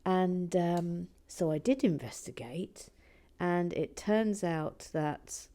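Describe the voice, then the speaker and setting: A woman hosting a building video, chatting casually and self-mockingly, often dropping into a hushed whisper and stumbling over words. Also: lowish voice, takes it slowly. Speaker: host of a brick-building channel. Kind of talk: casual chat while building.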